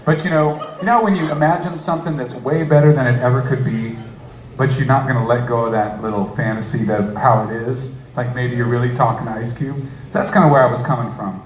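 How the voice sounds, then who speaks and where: A man's voice: mid-range voice, a little fast. A man telling a jokey, self-deprecating story to a live audience. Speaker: storyteller, musician. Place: stage before a live audience. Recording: echoey room with audience noise.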